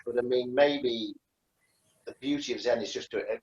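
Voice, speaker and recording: A man's voice: mid-range voice, normal speed, darkish tone, roomy sound, muffled recording. A man, a karate instructor, chatting casually over a beer in a rambling way, full of restarts and fillers.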